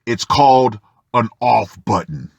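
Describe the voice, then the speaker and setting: A man's voice: medium pitch, animated, measured pace, gravelly, breathy edge, no room sound. A man reading a first-person article aloud and breaking off for sardonic asides to the listener. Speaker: channel host reading an article.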